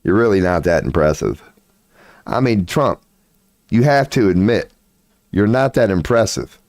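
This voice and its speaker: Low-voiced male streamer, sarcastic and foul-mouthed, dry close sound. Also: lively intonation, unhurried, a little mellow, no echo. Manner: profane, sarcastic, drawling Southern-style slang. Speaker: livestream host. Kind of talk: casual rambling livestream monologue.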